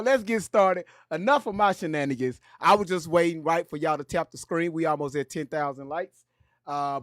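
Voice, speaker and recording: A man hosting a commentary channel, talking in an animated, joking way full of slang and profanity. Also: a little high, dry recording, studio quality. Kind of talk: casual commentary.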